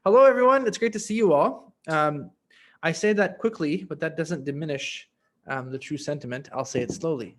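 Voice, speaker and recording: A young man teaching medicine over a video call, with a fairly high voice that jumps around a lot. He jokes constantly and plays up his points in exaggerated voices. It sounds like an animated, informal lesson. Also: moderate pace. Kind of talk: playful medical teaching on a livestream.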